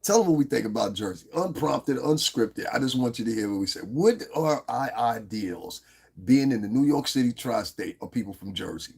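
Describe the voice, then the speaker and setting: Gravelly, husky-voiced man on a livestream. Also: mid-range voice, a little mellow. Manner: profane, blunt, talks straight to his chat viewers. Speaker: livestream host. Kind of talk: unscripted livestream chat. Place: lives in Las Vegas.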